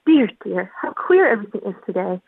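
A woman's voice: mid-range voice, very animated, fairly quick, breathy edge, dry recording. A woman voicing a puzzled, earnest little girl in a storybook reading, talking to herself in a wondering, fussy way. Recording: tinny phone-like line.

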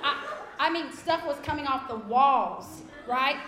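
A woman, a kindergarten teacher in her thirties, telling a comic story live to an audience in an animated, emphatic way. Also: high-pitched, measured pace. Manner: animated, emphatic, laughs through lines. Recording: echoey room.

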